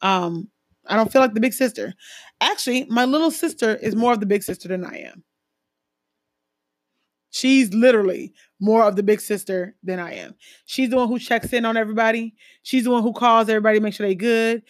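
A woman from a Jamaican family talking casually about her life, full of fillers and lively emphasis. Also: a little high, fairly quick, dry recording, clean studio sound. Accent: American with Jamaican-family roots. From Caribbean, Jamaican family. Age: adult, a mother. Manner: conversational, lots of fillers, animated emphasis. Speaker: speaker sharing personal stories. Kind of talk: casual personal talk.

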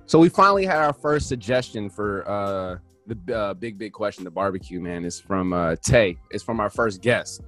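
On a casual podcast, a male co-host chats loosely and laid-back, often dropping "man" and "you know what I'm saying". His lowish voice has lively intonation, normal speed, few pauses and a fairly bright tone, with soft music in the background.

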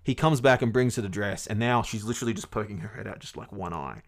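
A man's voice: on the low side, expressive, fast. A man casually retelling a fairy tale to his podcast co-host, rambling and swearing along the way. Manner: rambling, swears often, many fillers.

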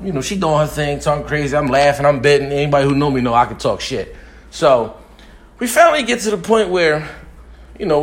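A young man telling a crude, boastful comic story, profane and often laughing as he talks. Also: a little high.

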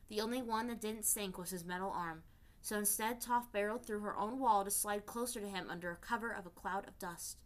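A woman reading fan fiction aloud in a steady storytelling voice. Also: medium pitch, fairly quick. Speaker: reader.

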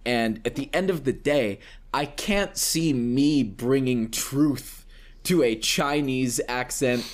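A man's voice: mid-range voice, slow. A man co-hosting a casual podcast discussion, earnest and rambling, often restarting his sentences. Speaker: podcast co-host, voice actor.

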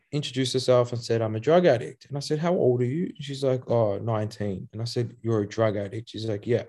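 An animated man talking in a casual podcast interview. His voice sits at a middle pitch, and he tells stories quickly, acting out the people he quotes and breaking into laughs and curses. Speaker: guest, youth program founder.

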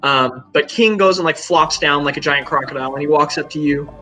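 A man's voice: on the high side, a little fast, pushed and bright, faint music behind, rough recording. Casual male game master narrating. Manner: casual, rambling with fillers.

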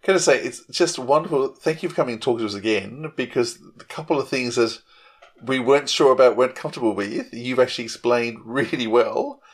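A man's voice: mid-range voice, brisk. Earnest, appreciative male podcast host. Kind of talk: casual interview talk.

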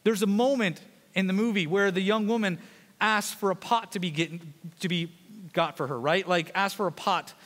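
A man pastor preaching a sermon in a fast, conversational way, with joking asides to the congregation. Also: high voice, steady tone, a bit bright, in a large hall.

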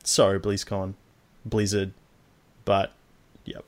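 A young man hosting a casual gaming podcast, swearing freely and slowing down to read out his list. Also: low-pitched, completely flat delivery. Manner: laid-back, swears freely, slows down to read out list items. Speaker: podcast host.

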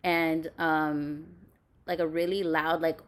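A woman's voice: low voice, flat delivery, slow pace. A young woman telling a personal story bluntly, with lots of swearing and fillers. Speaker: podcast host. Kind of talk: candid storytelling chat.

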